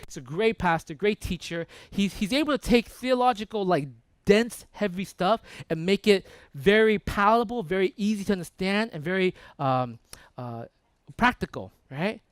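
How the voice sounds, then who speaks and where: A man preaching a sermon in a conversational, animated way, often checking in with the congregation. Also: high voice, normal speed, clean tone, no room sound. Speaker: pastor. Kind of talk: sermon with storytelling.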